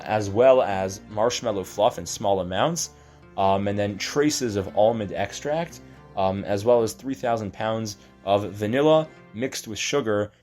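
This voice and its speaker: Deadpan halting male storyteller, lowish voice. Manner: deadpan, halting with many fillers and restarts. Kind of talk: improvised comic storytelling.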